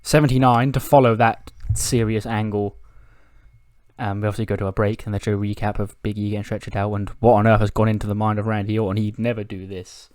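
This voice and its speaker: A man's voice: lowish voice, level tone, fast, a little mellow, no echo. A man giving casual commentary on a wrestling management game, ad-libbing the wrestlers' promos in his own voice and chuckling often. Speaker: let's-play commentator.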